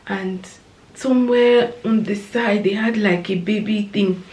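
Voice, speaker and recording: A woman telling an emotional story in a storytime vlog, tearful at times and dropping to soft whispers. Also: on the high side, normal speed, echoey room. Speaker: vlogger, new mother.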